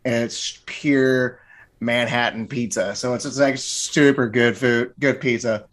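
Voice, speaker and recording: A man's voice: medium pitch, fairly even intonation, unhurried, fairly bright tone. A man who teaches martial arts, talking as a podcast guest in a loose, joking, rambling way with many restarts. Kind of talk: casual interview talk.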